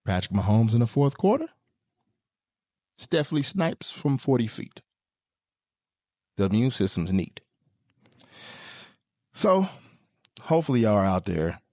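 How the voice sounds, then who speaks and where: A man telling jokes as a podcast host, his pitch swinging widely as he leaps into squeaky bits. The sound is dry and close on the mic. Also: no room sound. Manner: animated, joking, with sudden jumps into high squeaky tones. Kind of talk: comedic monologue.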